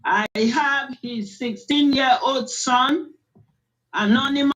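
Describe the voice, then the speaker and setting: A woman reading out a list of donors, measured and hesitant with fillers. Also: sits high, fairly bright tone, highs cut off. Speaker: donation announcer.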